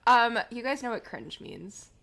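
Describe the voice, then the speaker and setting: Young woman, podcast guest, playful casual chat, slightly high pitch, very lively intonation. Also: unhurried, vocal fry. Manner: playful, quizzing others, drops to murmurs.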